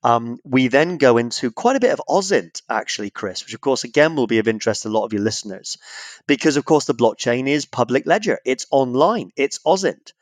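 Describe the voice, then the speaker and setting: A man's voice: mid-range voice, lively intonation, brisk, no echo. A middle-aged English man, a guest author in a casual podcast interview, joking and acting out phone calls in little voices. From Britain.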